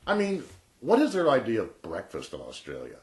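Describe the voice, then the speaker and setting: A man's voice: medium pitch, huge pitch swings, a little fast, slight background noise. A man in his sixties chatting casually and jokingly to camera as a vlogger. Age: 60s. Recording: roomy echo.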